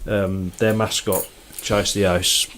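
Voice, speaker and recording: A man's voice: sits low, level tone, slow pace, a bit bright. A man co-hosting a casual podcast, hesitant and full of fillers. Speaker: podcast co-host. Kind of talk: casual chat. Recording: faint background noise.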